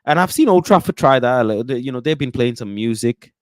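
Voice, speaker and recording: A man from the UK hosting casual football chat, animated and slangy, often breaking into chants and impressions. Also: medium pitch, a little fast, no echo. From United Kingdom. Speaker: football channel host.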